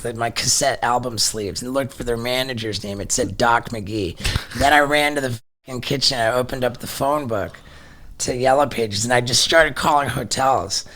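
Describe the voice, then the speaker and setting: A middle-aged man telling a story as a podcast guest, excitable, swearing freely and repeating words as he goes. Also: mid-range voice. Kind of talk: casual storytelling.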